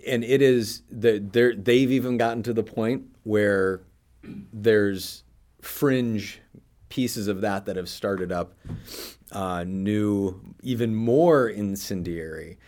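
A man with a somewhat low voice co-hosts a casual podcast chat. He cracks jokes and laughs easily as he explains things. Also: slow pace, darkish tone. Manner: joking, laughs often. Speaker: podcast co-host.

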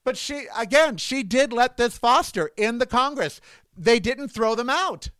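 A man's voice: very high voice, animated, measured pace, a bit bright, clear, resonant tone, dry recording. A man vlogging at home, giving indignant, rambling political commentary with emphatic outbursts.

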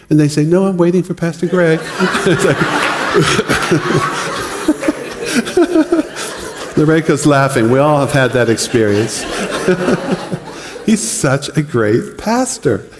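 A man preaching a sermon in a relaxed, conversational way, often laughing and acting out other people's words. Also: lowish voice, vocal fry. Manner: conversational, laughs often, acts out quoted voices. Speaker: pastor. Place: church hall. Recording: long reverb of a church hall.

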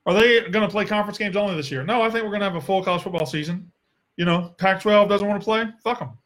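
Young Southern man, a fairly high voice, blunt and sarcastic, casual Q&A host who swears freely. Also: fast, fairly bright tone. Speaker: sports podcast host. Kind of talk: casual solo Q&A.

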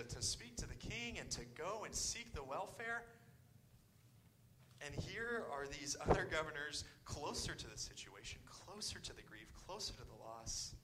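A man's voice: a little high, background noise. A man preaching a sermon, earnest and often repeating his words, sometimes dropping almost to a whisper. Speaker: pastor.

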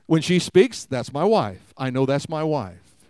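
A man's voice: fairly high pitch, big pitch swings, unhurried, a little mellow, no room sound. A man preaching a conversational sermon to a live congregation, often asking them questions. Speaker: pastor. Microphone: live-streamed service mic.

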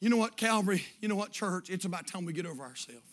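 A middle-aged man, preaching a sermon and telling a story that builds to shouted fervor. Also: sits high, lively intonation, fast talker. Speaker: pastor.

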